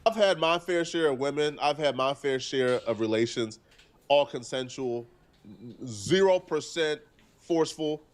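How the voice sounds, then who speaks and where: A man with a slightly high voice comments on a live stream. He argues earnestly and lays out each point deliberately.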